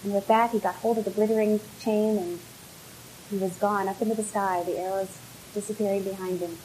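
A woman telling a folk tale live with gentle, unhurried narration, then answering questions. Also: mid-range voice, fairly even intonation, slight background noise, rough recording. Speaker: storyteller.

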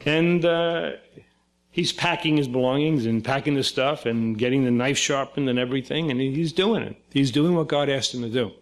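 A man's voice: medium pitch, normal speed. An older man from Brooklyn, a psychoanalyst giving a talk and retelling a story, acting out the quoted voices. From Brooklyn, New York. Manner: conversational, acts out quoted voices. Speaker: psychoanalyst lecturer.

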